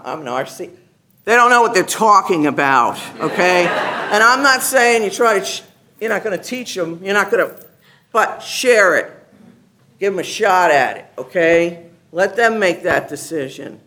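A woman giving a personal testimony to her church gathering, telling her story in an animated, enthusiastic way. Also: on the low side. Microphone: handheld mic at a gathering.

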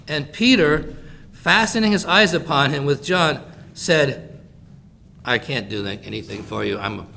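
A man preaching a sermon, explaining a Bible passage in casual modern words and acting out the quoted lines. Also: on the high side. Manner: animated, acts out quoted lines in voices.

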